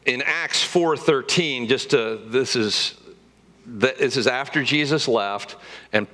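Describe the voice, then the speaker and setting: A man's voice: mid-range voice, slow, pushed and bright. A man preaching a sermon as pastor of a church, in a conversational and joking way, with emphatic rises.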